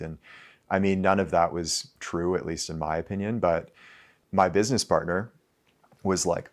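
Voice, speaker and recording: A man's voice: sits low, fairly even intonation, normal speed. A man in his thirties talking loosely to a live audience, full of "like" fillers and the odd swear word. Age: 30s. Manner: loose and conversational, with frequent "like" fillers and profanity. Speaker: speaker addressing a live audience. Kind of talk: casual talk to an audience.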